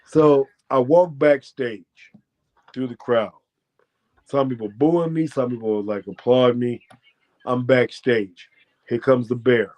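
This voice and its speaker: An American man, a former fighter, telling a profane, boastful story as a guest and breaking into loud shouted quotes. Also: medium pitch, steady tone, takes it slowly. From United States. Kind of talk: animated storytelling.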